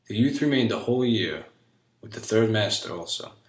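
Measured male storyteller in an echoey room. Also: on the low side, animated. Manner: measured, old-fashioned fairy-tale diction. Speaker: narrator. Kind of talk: storybook reading.

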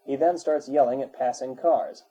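A man reads an encyclopedia article aloud in a steady, even way. His tone is very dark and mellow, with a husky grain. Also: medium pitch, normal speed, dull audio. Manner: steady, even reading, spells out dates in full. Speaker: narrator.

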